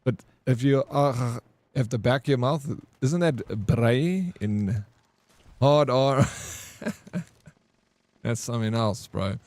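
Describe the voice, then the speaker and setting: A man's voice: medium pitch, slow, a little mellow, no room sound. A South African man chatting casually with his viewers during a live game stream, reading and answering their comments. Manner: chatty, laid-back, reads and answers chat.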